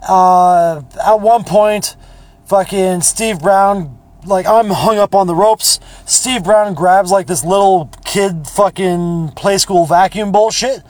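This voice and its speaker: A man's voice: sits high, takes it slowly, a little mellow, dry recording. A man hosting a podcast, telling rambling, profane stories in a casual, blunt way. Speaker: podcast host. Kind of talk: casual storytelling monologue.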